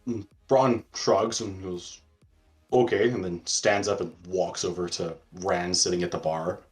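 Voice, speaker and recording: A man with a very deep voice casually describes his character's moves, leaning on fillers. Faint music sits under him. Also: steady tone, a little slow. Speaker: player. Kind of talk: casual tabletop game narration.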